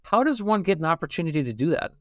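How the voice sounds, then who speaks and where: A man's voice: on the high side, sing-song, rapid-fire, a bit bright, no echo, studio quality. A man with a Midwestern accent co-hosting an aviation podcast, asking easygoing, chatty questions. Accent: Midwestern American. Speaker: podcast co-host. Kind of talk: casual interview.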